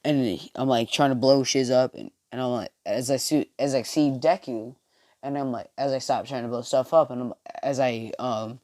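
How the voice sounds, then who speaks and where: A casual storyteller rambles through a made-up fan story and keeps restarting sentences. The voice sits at a middle pitch. It sounds close and dry, with no room echo. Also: steady tone, normal speed, a little mellow. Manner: rambling, many fillers and restarts.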